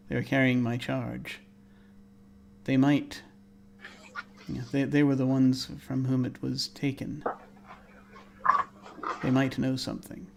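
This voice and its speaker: A man's voice: medium pitch, vocal fry, a little hiss or hum, natural voice. A man whispering as an unseen eerie spirit. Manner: hushed, slow, eerie whispering.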